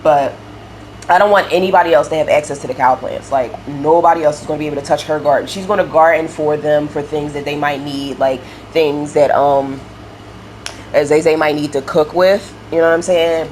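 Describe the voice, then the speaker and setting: Low-voiced young woman rambling while gaming. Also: a little hiss or hum. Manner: rambling storyteller, many fillers and laughs. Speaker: game streamer building a house. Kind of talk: casual chat while playing.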